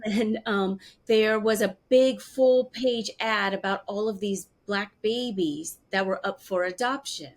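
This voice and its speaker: A woman's voice: mid-range voice, measured pace, few pauses. Woman in her fifties telling her story. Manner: animated, acts out quoted voices. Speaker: interview guest. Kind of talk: personal storytelling.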